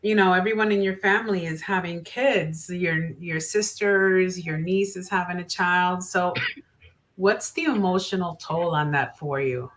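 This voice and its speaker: A woman host asking gentle, supportive interview questions. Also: fairly low pitch, unhurried, a little hiss or hum.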